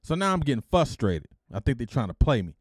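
Here a middle-aged host from Detroit, USA spins a lively, informal tale at a fast clip in a medium-pitched voice. He puts on the voices of people he's quoting and adds blunt slang asides, all captured dry and up close with no room sound.

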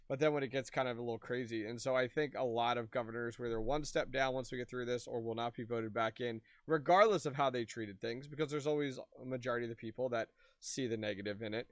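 A man's voice: mid-range voice, fast talker, few pauses, no echo. A man in casual chat, agreeable and thinking aloud as he talks.

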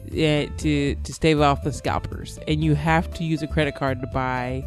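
A woman's voice: sits low, steady tone, moderate pace, soft background music. A woman co-hosting a casual family podcast, talking in a playful, teasing way. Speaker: podcast co-host. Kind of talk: casual chat.

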